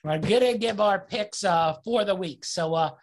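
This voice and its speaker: A man's voice: high-pitched, moderate pace. A man co-hosting a casual sports betting chat, loose and upbeat, with lots of filler words. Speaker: podcast co-host.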